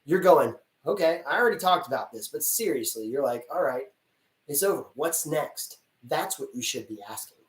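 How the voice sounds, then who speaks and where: A man who works as a casting director answers questions on a live stream, chatty and lively, acting out little scenes. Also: on the high side, moderate pace, roomy sound, recorded from a distance, low-quality recording.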